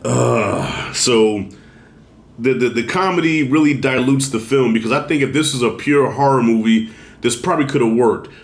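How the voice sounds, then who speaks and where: A man giving a loose, conversational movie review, swearing now and then and talking to viewers as y'all, fighting a cold and clearing his throat. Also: medium pitch, normal speed, roomy sound. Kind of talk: casual spoken film review.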